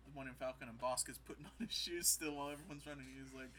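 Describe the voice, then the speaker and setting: Casual male co-host, bright forward voice, acts out quotes while recapping, faint hiss under the track. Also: mid-range voice. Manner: retells scenes with quick quoted voices and laughs. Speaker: podcast co-host recapping an episode. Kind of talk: casual chat.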